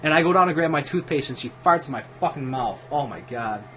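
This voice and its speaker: A man's voice: a little high, expressive, fast, bright, forceful tone, slight background noise. Drunk, foul-mouthed man telling a story. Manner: profane, rambling, with restarts and laughs. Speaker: livestream host. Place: at home while gaming.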